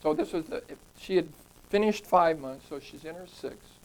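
A man's voice: fairly high pitch, moderate pace, poor audio. A man leading a Bible study group, teaching scripture conversationally and putting questions to the group. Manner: conversational, asks the group questions, repeats words when emphasizing.

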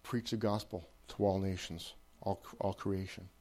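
A man's voice: low voice, fairly even intonation, a little slow, warm tone. A man preaching an informal sermon in a conversational way, repeating phrases for emphasis and checking in with listeners.

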